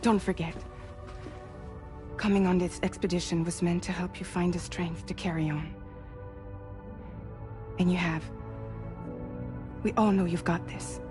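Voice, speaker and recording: A woman's voice: on the low side, steady tone, a little slow, pauses often, close to an everyday voice. An actress playing an encouraging woman companion who reassures a friend in a video game cutscene. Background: game score music.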